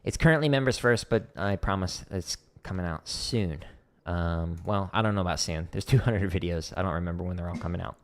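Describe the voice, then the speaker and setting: A man's voice: low-pitched, fairly quick, few pauses. A man teaching drum technique on a casual livestream, explaining exercises as he demonstrates them. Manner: relaxed, explanatory, talks while demonstrating. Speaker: drum teacher streaming practice.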